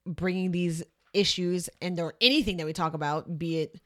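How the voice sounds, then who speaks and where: A woman's voice: fairly low pitch, normal speed, no echo, studio quality. A woman in her thirties co-hosting a podcast, chatting casually, giggling often and acting out quoted lines. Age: 30s. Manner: giggly, excitable, acts out quotes. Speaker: podcast co-host. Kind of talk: casual chat.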